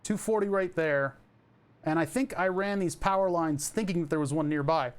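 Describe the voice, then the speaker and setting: A man's voice: fairly high pitch, normal speed, clean tone. A man streaming a building game, chatting casually to his viewers in a rambling, self-mocking way. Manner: rambling, self-mocking, jokey asides to chat. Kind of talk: casual gameplay commentary.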